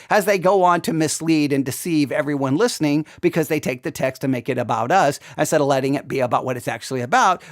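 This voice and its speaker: A man hosting commentary on a sermon clip, sarcastic and mocking. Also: on the high side. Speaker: host.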